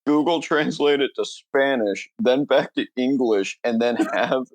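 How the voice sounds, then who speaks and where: A man's voice: mid-range voice, unhurried. A young man co-hosting a podcast in casual banter, rambling through stories and laughing at his own jokes into a close mic. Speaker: podcast co-host.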